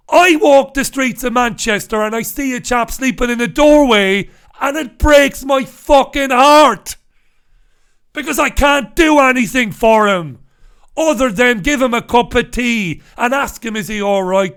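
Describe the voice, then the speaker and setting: A man delivering heated solo commentary on the news, ranting and swearing, often breaking into shouts. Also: high voice, smooth. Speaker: commentator reviewing newspapers.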